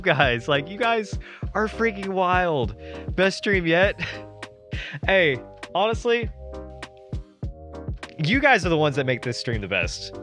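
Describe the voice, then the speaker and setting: A man streaming live, reacting excitedly to his chat with frequent laughter and thanks. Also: high voice, slow pace, pauses often, soft background music. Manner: excitable, laughing, overwhelmed and grateful.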